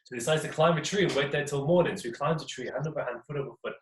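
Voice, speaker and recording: A man's voice: on the high side, rapid-fire. A young man from England telling a folk tale to a live audience in a playful, chatty way, with questions for his listeners. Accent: English. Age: young adult. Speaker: storyteller. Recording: echoey room, mic at a distance, faint noise.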